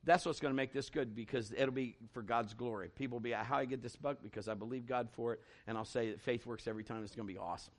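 Preacher doing his earnest young son, calm and confident. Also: mid-range voice, quick pace, few pauses, voice pushed down, lightly acted.

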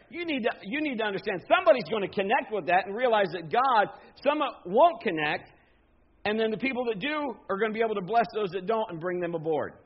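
A man's voice: high voice, muffled recording. A man preaching a sermon to his congregation in a folksy, conversational way, asking them questions. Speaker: pastor.

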